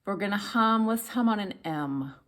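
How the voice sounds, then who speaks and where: A woman teaching how to speak so that people listen, talking straight to viewers in an expressive instructional style and demonstrating pitch and volume as she goes. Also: normal speed. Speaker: voice coach. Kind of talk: instructional video talk.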